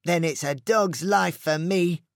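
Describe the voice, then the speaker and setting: A man voicing a rough, tough, free-spirited male city dog in a storybook read-aloud, with a brash, boastful manner. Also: on the high side, a little slow, dry recording, studio quality. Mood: defiant.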